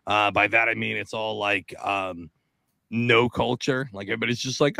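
Gravelly-voiced man telling stories. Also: on the low side, steady tone, moderate pace, pushed and bright, no room sound. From Seattle, Washington. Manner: profane, storytelling, mimics other people's voices. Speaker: podcast co-host. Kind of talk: casual podcast chat.

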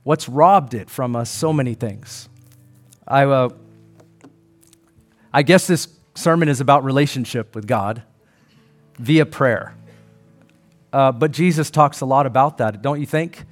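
A man's voice: mid-range voice, a little slow, pauses often, faint music behind. A middle-aged man preaching a sermon, earnest and conversational, acting out quoted voices. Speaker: pastor.

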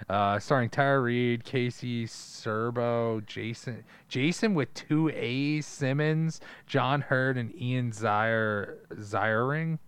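Male podcast co-host, mid pitch, smooth resonant voice, dry close mic, laid-back and laughing. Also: slow, hardly any pauses, fairly bright tone, dry recording. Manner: laughing, laid-back, reads credits, quotes scenes. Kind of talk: casual movie review chat.

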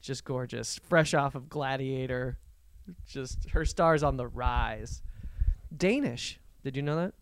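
Wry man, smooth dry voice. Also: mid-range voice, steady tone, a little slow, no echo. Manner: wry, joking asides. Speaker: podcast co-host. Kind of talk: casual movie review chat.

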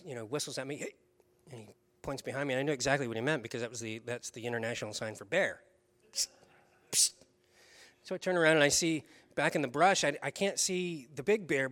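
A man giving a sermon as a pastor, telling a personal story with animated delivery and chuckles along the way. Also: medium pitch.

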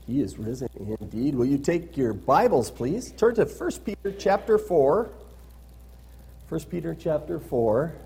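A man's voice: fairly high pitch, big pitch swings, unhurried, gravelly, mellow, husky. A man preaching a sermon as pastor, reading scripture aloud with rising emphasis and adding conversational asides that end in "right?".

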